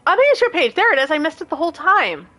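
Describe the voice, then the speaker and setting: A woman's voice: extremely high pitch, very animated, fast talker, bright, forceful tone, soft background music. A woman in her late thirties chatting casually with her stream audience, rambling from one story to the next, laughing often and going off on rants. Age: late 30s.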